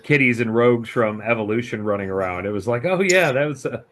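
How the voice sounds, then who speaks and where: A man hosting a podcast, chatting in a relaxed, conversational way with a guest. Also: medium pitch, fast. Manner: relaxed and conversational, with frequent fillers. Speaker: podcast host. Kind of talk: casual chat.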